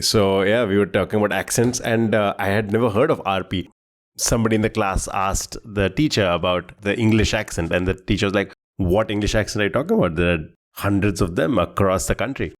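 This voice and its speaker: A man co-hosting a quiz podcast, chatting casually, rambling and laughing as he searches for words. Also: lowish voice.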